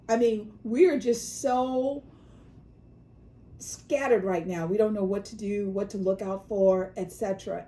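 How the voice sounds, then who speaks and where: A woman from California co-hosts a relaxed chat, her voice mellow and warm. She tells news stories at an easy pace and slips into quick voices for the people she quotes. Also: mid-range voice, vocal fry, slight background noise, rough recording. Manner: storytelling, acts out quoted voices. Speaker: co-host. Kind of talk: casual chat.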